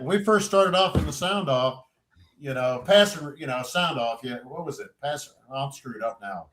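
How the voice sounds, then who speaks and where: Animated man telling loud, profane stories. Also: a little high, moderate pace. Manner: animated storyteller, acts out quotes loudly, swears freely. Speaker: podcast co-host, veteran. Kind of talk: casual storytelling chat.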